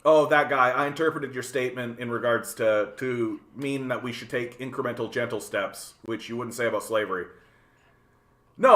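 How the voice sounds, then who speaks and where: A man hosting a casual livestream, ranting in an animated, profane way, often repeating words as he thinks and answering chat. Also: mid-range voice, roomy sound. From Canada. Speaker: livestream host reading chat.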